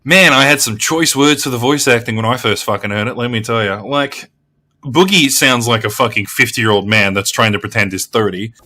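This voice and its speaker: A bright, sharp-voiced Australian man tears into a video game in an off-the-cuff rant. He swears constantly and loses his thread, then picks it up again. His pitch stays mid-range for a man. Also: fairly quick. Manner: heavy swearing, blunt and exasperated; rambling with frequent restarts. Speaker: gaming video creator. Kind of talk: casual game review rant.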